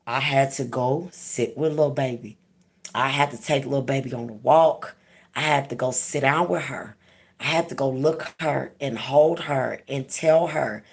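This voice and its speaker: A woman's voice: deep voice, normal speed, husky. A woman hosting her own channel, talking frankly and emphatically in a candid personal vlog, casual and sometimes profane. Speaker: channel host.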